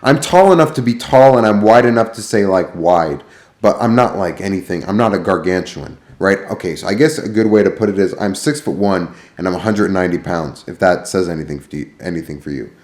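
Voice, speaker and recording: A man's voice: low voice, fairly quick, a little mellow, echoey room. A man telling a rambling, profanity-filled story as a vlogger. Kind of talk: ranting vlog storytelling.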